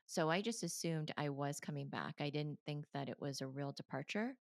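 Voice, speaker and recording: A woman, a meditation coach, candidly telling her story in an interview, animated, laughing often and acting out her past self. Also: sits low, moderate pace, vocal fry, no room sound, clean studio sound.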